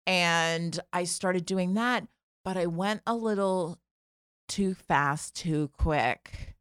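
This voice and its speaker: A woman in her forties tells a comic story in a lively, chatty way, leaning on "like" and acting out each voice. Her voice sits a little low, and it is recorded close and dry with no room sound. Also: slow, clean tone, no room sound. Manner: animated, lots of "like", acts out voices. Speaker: podcast guest telling a story. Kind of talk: casual comedic storytelling.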